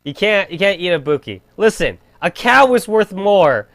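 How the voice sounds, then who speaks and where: A man's voice: high voice, very animated, normal speed, vocal fry, a bit bright, no echo. A young man streaming a game, rambling in crude casual chat full of filler "like". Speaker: gaming streamer.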